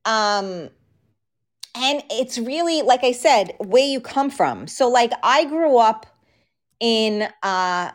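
Host: New York woman in her thirties, frank, chatty live-stream talk, unhurried delivery. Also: fairly high pitch, animated. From New York, the Bronx. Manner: chatty, frank, reads and answers viewer comments. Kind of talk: casual live-stream chat.

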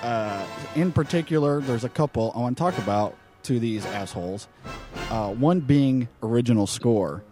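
A man's voice: medium pitch, animated, moderate pace, music in the background. A man hosting a film podcast, ranting with heavy profanity and exasperation. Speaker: podcast host.

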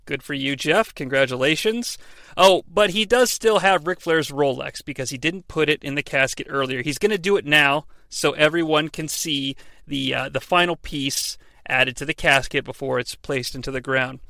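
Sarcastic bright-voiced man recapping. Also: fairly high pitch, moderate pace, gravelly, no room sound. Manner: sarcastic, swearing, exaggerated quoted voices. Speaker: podcast host recapping wrestling. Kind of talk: comedic recap with quoted impressions.

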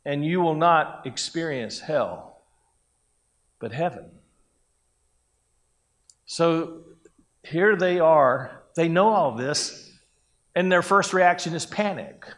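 A man's voice: fairly high pitch, animated, slow pace, long pauses, a bit bright. A man preaching a sermon in a conversational way, breaking into acted-out quotes of people. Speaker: pastor.

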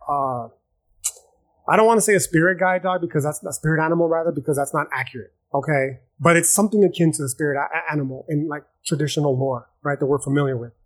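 A man's voice: on the high side, husky. A man hosting a solo podcast, explaining at length in a loose, profane, slangy way, full of fillers and restarts. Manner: loose and profane, slangy, calls listeners "dog". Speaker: podcast host. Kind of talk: casual solo podcast lecture.

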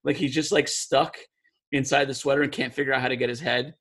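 Speaking fast in a steady, slightly bright, mid-pitched voice, this young podcast co-host rambles through a lengthy story in relaxed chat. Nearly every phrase he says is stuffed with "like."

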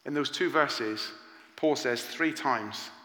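A man preaching a sermon as pastor, earnest and animated, asking the congregation questions. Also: medium pitch, takes it slowly. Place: church. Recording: echoey church hall with long reverb.

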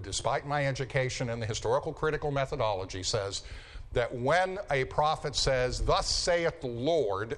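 A man's voice: medium pitch, fairly bright tone. A man lecturing a Bible class, repeating key phrases for emphasis and checking in with his students. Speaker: Bible teacher.

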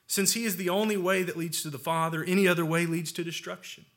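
A young man preaching a sermon, reading scripture aloud and stressing key phrases slowly and earnestly. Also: high-pitched, steady tone, fairly bright tone.

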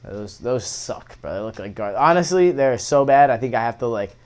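A man's voice: medium pitch, animated, normal speed. A young man in his twenties telling stories in a casual chat, rambling, slangy and full of profanity. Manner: rambling, slangy, heavy profanity, fillers of "bro" and "like".

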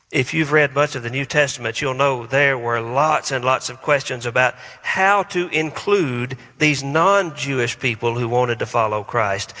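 A man's voice: mid-range voice, bright, forceful tone. A man, a pastor preaching a conversational sermon with self-deprecating humor and rhetorical questions. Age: 40s. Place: church sanctuary. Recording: long reverb in a large hall.

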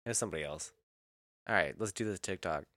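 A man co-hosting a podcast, chatting in an animated way and laughing a lot. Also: deep voice, fast talker, no echo, studio quality. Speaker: podcast co-host. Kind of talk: casual chat.

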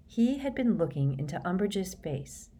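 Low-voiced woman reading a storybook. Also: big pitch swings, moderate pace, mellow, slightly rough. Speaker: audiobook narrator. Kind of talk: scripted narration.

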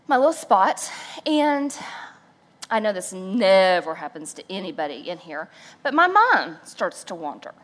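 A woman speaking at a church service, telling a playful, self-mocking story with animated, acted-out quotes. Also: mid-range voice. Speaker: church speaker, pastor's wife. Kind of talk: storytelling sermon.

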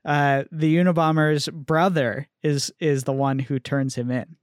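A man's voice: on the high side, steady tone, unhurried, clear, resonant tone, dry recording, clean studio sound. A man in casual chat, thinking aloud in a hesitant, reflective way. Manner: thoughtful, hesitant, many fillers.

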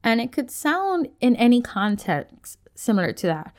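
A woman's voice: a little high, sing-song, normal speed. A woman hosting a faith and parenting podcast, talking casually with many fillers and acting out her own past outbursts. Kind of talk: casual reflective monologue.

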